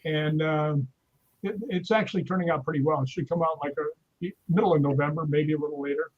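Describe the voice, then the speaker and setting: A man's voice: a little high, brisk, muffled recording. A man telling stories in casual chat on a live stream, acting out the voices he quotes. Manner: animated storyteller, acts out quoted voices. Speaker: guest.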